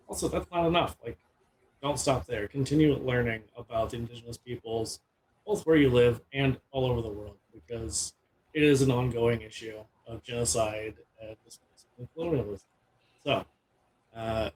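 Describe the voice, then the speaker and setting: A man's voice: medium pitch, slight background noise. Earnest man hosting a tabletop stream. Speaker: game master.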